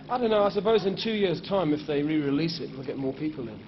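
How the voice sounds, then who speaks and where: Deadpan jokey male TV guest. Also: fairly high pitch, quick pace. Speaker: guest musician and actor. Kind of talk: TV interview. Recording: dull 1980s TV sound.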